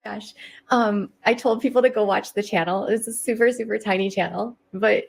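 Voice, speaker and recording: A woman's voice: medium pitch, fairly even intonation, normal speed, creaky. Woman creator chatting to camera, rambling and self-deprecating. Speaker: online content creator. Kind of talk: casual talk to camera.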